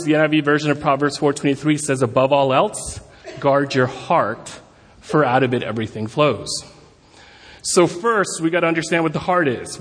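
A man giving a guest sermon at a church service, talking in a chatty, self-deprecating way with many fillers. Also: a little high. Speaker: guest preacher. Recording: long hall reverb.

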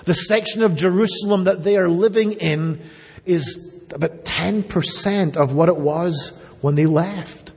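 A man's voice: high voice, unhurried, a little mellow, breathy edge. A man preaching a sermon, earnest and emphatic, turning at times to speak directly to the children. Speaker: pastor. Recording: long reverb of a church hall.

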